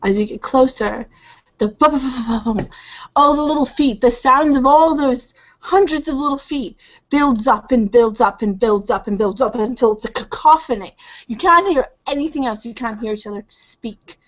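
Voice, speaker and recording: A woman whose voice sits high narrates at a moderate pace as a tabletop game master, giving vivid scene descriptions and mimicking sounds. The recording is dull and lo-fi.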